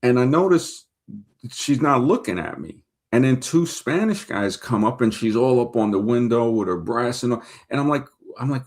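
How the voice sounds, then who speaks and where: A man's voice: medium pitch, animated, a little fast. A man from New York with a New York accent, hosting a casual livestream, reading viewer comments and telling rambling anecdotes full of fillers. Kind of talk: casual livestream chat and storytelling.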